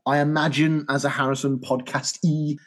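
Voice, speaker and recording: A man's voice: fairly high pitch, level tone, moderate pace, low-quality recording. A man with a Birmingham English accent hosting a podcast, chatting casually and poking fun at himself. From England. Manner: self-deprecating, jokey. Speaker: podcast host. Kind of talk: casual chat.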